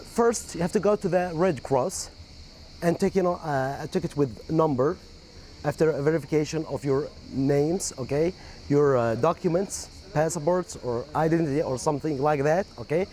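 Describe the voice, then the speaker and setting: Man, mellow and fairly high voice, patient step-by-step directions. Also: moderate pace, slight background noise. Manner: explaining a procedure step by step with fillers.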